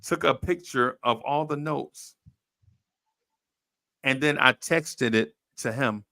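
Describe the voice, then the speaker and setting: A man on a podcast, casually telling a story in animated, slangy talk and acting out what others said. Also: mid-range voice, takes it slowly, creaky, no room sound, clean studio sound. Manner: animated, slangy storyteller who acts out quoted voices. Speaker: podcast host.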